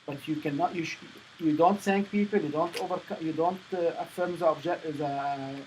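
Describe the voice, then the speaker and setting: A man coaching a student on stage presentations, speaking in halting phrases with many restarts. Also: on the high side, fairly even intonation, darkish tone, a little hiss or hum, poor audio. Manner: non-native phrasing, repeats and restarts. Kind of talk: coaching session.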